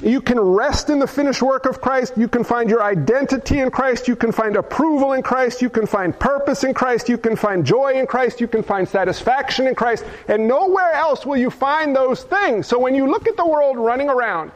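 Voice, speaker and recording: Guy preaching, really high voice, fervent, keeps throwing questions at the crowd. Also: moderate pace, hardly any pauses. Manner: fervent, fires rhetorical questions at the congregation. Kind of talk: sermon.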